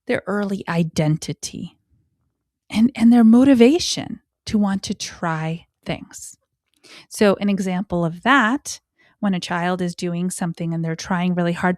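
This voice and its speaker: On a podcast about child communication, a parenting educator hosts her talk show in clean studio sound with no room sound. Her delivery is expressive, leaping suddenly in pitch, dropping into whispered asides, and slowing with deliberate emphasis on key words.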